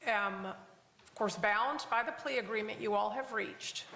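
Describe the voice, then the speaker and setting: A woman judge delivering a formal sentencing in a courtroom, speaking in a measured way. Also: medium pitch, bright, forceful tone, slight background noise. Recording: echoey courtroom audio.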